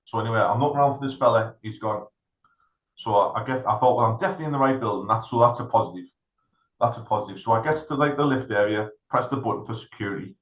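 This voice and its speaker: Talking fast in a normal male register, a middle-aged man co-hosting a podcast tells a long anecdote and acts out each character's lines. It's casual, animated storytelling, captured in lo-fi sound with a roomy echo.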